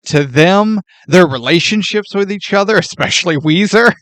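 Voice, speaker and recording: A man co-hosting a movie podcast, chatting casually and acting out quoted lines with lively laughter. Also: high-pitched, moderate pace, no room sound, studio quality. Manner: animated, laughs often, acts out quoted lines. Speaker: podcast co-host.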